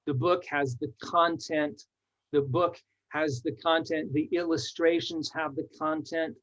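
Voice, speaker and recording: A man, a children's author, presenting his book with enthusiasm and reading verses aloud in a rhythmic way. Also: on the high side. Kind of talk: book talk to readers. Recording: dull lo-fi audio.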